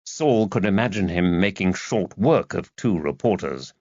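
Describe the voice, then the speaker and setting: A man narrating a cozy mystery audiobook in a lively, expressive read. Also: deep voice, measured pace, no echo. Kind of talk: scripted narration. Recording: dull dry lo-fi recording.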